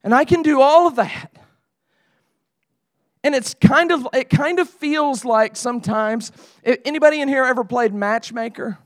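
A man's voice: very high voice, normal speed, no room sound, clean studio sound. A middle-aged man preaching a sermon to leaders in a conversational way that rises into emphatic pleading. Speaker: pastor.

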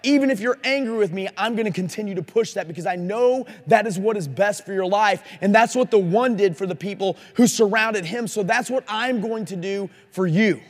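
High-voiced man preaching in an echoing hall. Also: brisk, hardly any pauses. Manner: earnest, challenging, asks the audience direct questions. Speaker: speaker at a Christian conference. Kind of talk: sermon. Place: conference hall. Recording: live recording in a reverberant hall.

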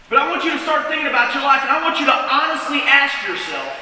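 Impassioned preacher in an echoey hall. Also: male voice, very high voice, very animated, quick pace, few pauses. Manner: impassioned, swings between loud urgency and soft earnestness. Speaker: campus minister. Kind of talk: sermon. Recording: echoey hall from far off, faint hiss.

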